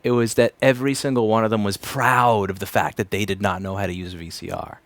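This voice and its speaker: In a dry recording with no room sound, a thirtysomething repair technician talks fast in a lowish, flat voice. He chats casually on a livestream as he works in the shop, sardonic, rambling, and swearing freely.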